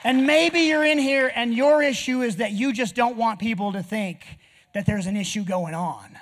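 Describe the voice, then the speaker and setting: A man with an unusually high voice delivers a testimony sermon in a church. He talks in an earnest, personal way and draws his listeners in with direct appeals. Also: normal speed, a bit bright, a little hiss or hum. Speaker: preacher.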